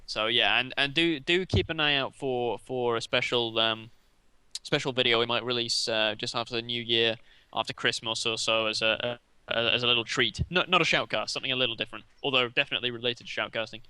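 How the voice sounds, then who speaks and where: A man's voice: medium pitch, fairly quick, sharp tone, smooth, dry recording, rough recording. A man co-casting a video game match, chatty and analytical, breaking down the play in casual commentary. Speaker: shoutcaster.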